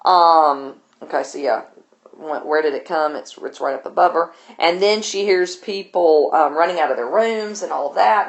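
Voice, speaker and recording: A woman's voice: sits low, normal speed, reverberant. A woman teacher, casually retelling a novel for her class in a loose, chatty way. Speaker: literature teacher.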